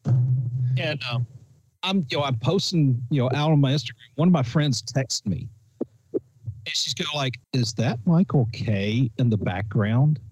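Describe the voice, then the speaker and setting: A man's voice: medium pitch, a little slow, slight background noise, rough recording. A man telling an anecdote in casual panel chat, acting out the quotes. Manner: animated storyteller, acts out quotes.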